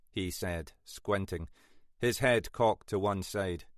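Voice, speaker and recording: A man narrating a mystery audiobook in a measured storytelling style. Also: on the low side, dry recording, studio quality.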